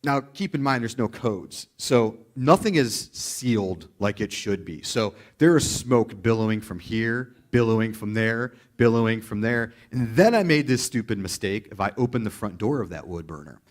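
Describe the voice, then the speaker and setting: A man preaching a sermon as a pastor, in an animated, chatty storytelling way. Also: fairly low pitch, moderate pace, few pauses.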